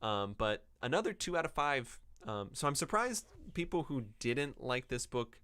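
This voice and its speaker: A man's voice: mid-range voice, lively intonation, normal speed, sharp tone, smooth. A man hosting a book-review podcast, talking casually without a script and rambling with many ums and self-corrections. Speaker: podcast host reviewing books. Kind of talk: unscripted casual podcast talk.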